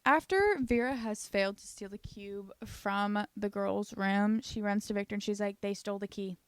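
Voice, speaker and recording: A woman recapping a TV series in a casual, comedic way. She swears freely, leans on "like" as filler and breaks into animated, louder stretches. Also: mid-range voice, moderate pace, clear, resonant tone, no room sound. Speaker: YouTube recap host.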